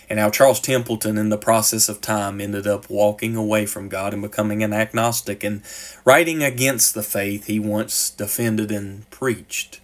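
A man preaching a sermon, reading a story aloud with rising passion and then dropping to soft, slow appeals. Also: lowish voice.

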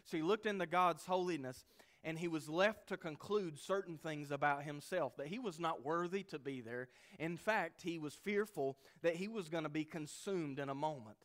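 A man preaching a sermon as pastor, earnest, dropping to quiet low asides and rising to loud emphatic peaks. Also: normal speed.

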